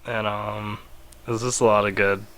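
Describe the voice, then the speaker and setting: A man's voice: on the low side, level tone, a little slow, a bit bright. A man co-hosting a podcast, talking in a laid-back, hesitant way. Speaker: podcast co-host. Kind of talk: casual chat.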